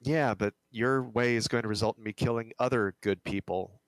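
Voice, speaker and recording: A man's voice: mid-range voice, steady tone, normal speed, no echo, poor audio. A man playing a tabletop game who talks bluntly and gives commands. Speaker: player.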